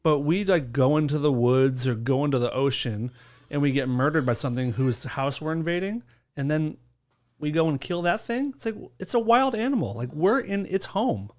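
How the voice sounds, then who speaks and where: Man co-host, loose rambling chat, dark jokes, some swearing. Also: fairly high pitch, lively intonation, moderate pace. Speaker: podcast co-host. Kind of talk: casual chat.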